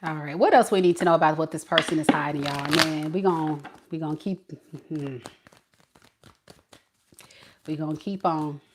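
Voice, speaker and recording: A woman reads tarot cards in a loose, chatty way and talks straight to her viewers. Her delivery is animated and conversational, like a casual chat. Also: deep voice, a little fast, very noisy. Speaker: tarot reader.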